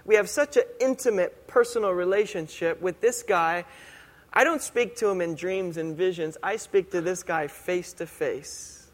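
Preacher voicing stern, scolding God. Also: male voice, high voice, moderate pace, close to an everyday voice. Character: stern angry God, a father scolding his kids. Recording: long hall reverb.

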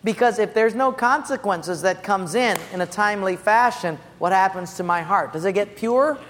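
Emphatic preacher in an echoey hall. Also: male voice, high-pitched, moderate pace, a bit bright, slight background noise. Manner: emphatic, instructing congregation directly. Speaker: pastor. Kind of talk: sermon.

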